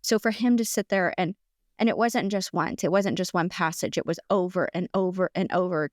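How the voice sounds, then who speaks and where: Animated middle-aged woman telling a story. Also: fairly low pitch, a little fast, dry recording, clean studio sound. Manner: animated and chatty, many fillers and restarts. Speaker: guest. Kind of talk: casual storytelling in conversation.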